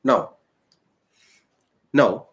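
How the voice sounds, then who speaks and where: A male teacher with an Indian English accent, slowly explaining a physics lesson and repeating key points. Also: fairly bright tone. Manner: slow, repetitive explaining. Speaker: science teacher.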